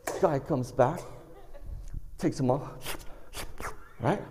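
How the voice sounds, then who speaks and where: A man's voice: medium pitch, takes it slowly, noisy background. A man telling a funny personal story to a live audience, acting out voices and sounds. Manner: animated, acts out voices and sound effects. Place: stage of a performing arts center. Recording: long reverb of a performing arts hall.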